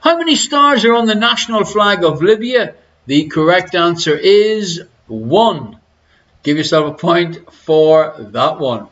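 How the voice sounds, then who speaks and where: High-voiced Irish quiz host, unhurried. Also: male voice, fairly bright tone, highs cut off. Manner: jokey, teasing, crude asides. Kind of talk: live-streamed pub quiz banter. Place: living room at home.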